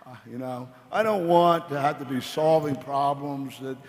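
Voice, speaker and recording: A man's voice: mid-range voice, moderate pace. Folksy man on a convention stage. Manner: rambling, folksy, playful. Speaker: convention keynote speaker. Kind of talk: motivational storytelling speech. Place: large convention hall stage. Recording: echoey convention hall.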